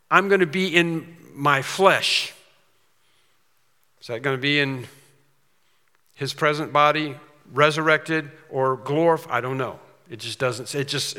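A man preaching a sermon in a conversational way, often restarting his sentences and slowing down to read scripture with weight. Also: on the high side, pushed and bright. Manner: conversational, with repeated restarts and dramatic slowed scripture reading. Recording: long hall reverb.

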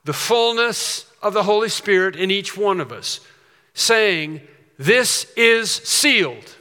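A man's voice: high-pitched, unhurried, bright, forceful tone, clean tone. A man preaching a sermon in an emphatic way, repeating his key phrases. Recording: long reverb of a large hall.

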